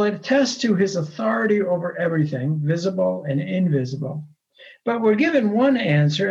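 A man pastor preaching a sermon in an earnest, measured way, often restarting his words. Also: high voice, a little mellow, dull audio.

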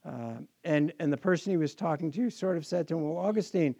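A man's voice: a little high, brisk, warm tone, no echo. A man preaching a sermon as pastor to his congregation, earnest and often repeating words as he restarts.

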